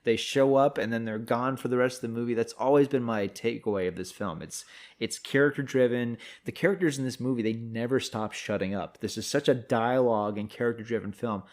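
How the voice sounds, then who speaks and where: A man's voice: medium pitch, brisk. A man co-hosting a podcast in casual chat, playfully making up comic alternative endings and acting out short quotes. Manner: playful, spins comic what-if scenarios with acted quotes. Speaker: podcast co-host.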